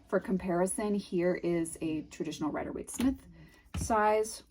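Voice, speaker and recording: A woman with a New England accent chatting casually through an unboxing, gushing and dreamy, often trailing off into soft murmurs. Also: fairly low pitch, moderate pace, a little hiss or hum. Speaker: tarot video host.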